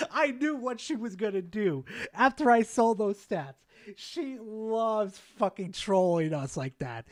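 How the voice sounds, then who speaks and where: A streamer telling a story to chat in a casual, animated way, swearing a lot. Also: medium pitch, no echo.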